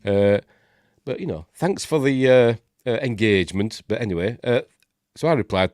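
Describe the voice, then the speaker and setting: A man's voice: medium pitch, sing-song, normal speed, darkish tone, no room sound, studio quality. A man with a Yorkshire accent hosting a casual live stream, congested and snuffly, chatting and grumbling with lots of fillers and asides. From Yorkshire, England. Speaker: host of a live news stream.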